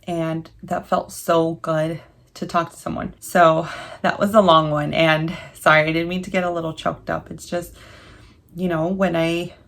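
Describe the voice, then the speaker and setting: Gravelly-voiced young woman confiding. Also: lowish voice, flat delivery, fairly bright tone. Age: 20s. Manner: earnest, confiding, halting with emotion. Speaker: vlogger. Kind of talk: candid personal vlog.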